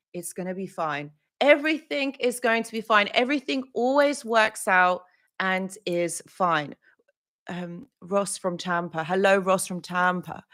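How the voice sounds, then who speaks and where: A woman's voice: medium pitch, a bit bright. Flustered, effusive woman hosting a live stream. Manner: flustered, effusive, greets viewers by name. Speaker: live stream host, relationship coach. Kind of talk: casual live stream chat.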